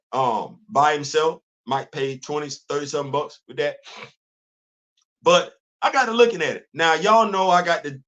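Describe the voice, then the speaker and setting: A middle-aged man hosting a casual solo livestream, animated, repeating himself and quizzing himself in asides. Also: a little high. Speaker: host. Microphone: livestream studio setup.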